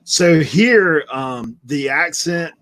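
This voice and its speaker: A man's voice: fairly high pitch, lively intonation, drawn-out words, a bit bright. A man from the Outer Banks with a mixed Southern and Outer Banks accent, rambling through stories in a casual live-stream chat. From Outer Banks, North Carolina. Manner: rambling, storytelling, laughs easily.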